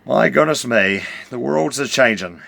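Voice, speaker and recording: A man's voice: medium pitch, expressive, a little slow, creaky, fairly bright tone. A middle-aged man telling a rambling comic yarn, stammering and full of hesitations. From New Zealand. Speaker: storyteller.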